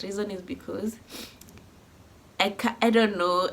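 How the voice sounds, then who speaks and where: A woman's voice: mid-range voice, steady tone, unhurried, long pauses, slight background noise. Emotional young woman. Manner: heartfelt, rambling with restarts. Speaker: vlogger. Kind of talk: emotional personal vlog.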